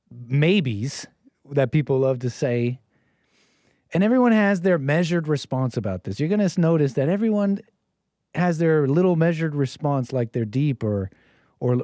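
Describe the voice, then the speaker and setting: A man's voice: fairly high pitch, warm tone, dry recording. An American man giving rambling, preachy solo commentary, often repeating his phrases. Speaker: streamer commentator.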